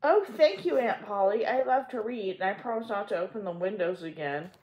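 A woman's voice: lowish voice, fast, close to an everyday voice. A woman voicing a cheerful, eager young girl who gushes as she talks. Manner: bubbly, gushing. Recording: echoey room.

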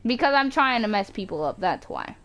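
A woman streaming a racing game live, reacting excitedly, yelping and groaning as she races, on a home mic with some static. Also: fairly high pitch, brisk. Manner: excitable, yelps and groans at the race. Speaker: gaming streamer. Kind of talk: live gameplay commentary.

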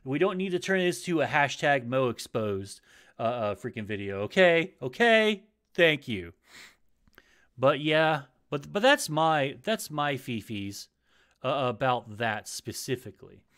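A man's voice: mid-range voice, sing-song, a little slow, a bit bright. Rambling, cursing male gaming host. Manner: rambling, stumbling, profane, lots of uh fillers. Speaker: podcast host. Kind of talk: casual gaming news chat. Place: home setup, live stream.

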